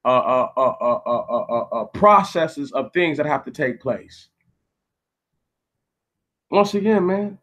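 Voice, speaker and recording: A man's voice: on the high side, a bit bright. A man ranting angrily on a live stream, swearing, repeating himself and arguing with viewers in the chat. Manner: angry, profane, repetitive, arguing with viewers. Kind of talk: heated live-stream rant.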